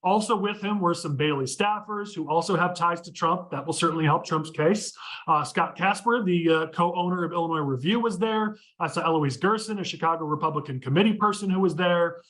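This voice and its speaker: A man hosting a casual political discussion podcast, talking quickly and steering the conversation with firm opinions. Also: high-pitched, fairly bright tone. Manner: quick, opinionated, leads the talk. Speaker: podcast host.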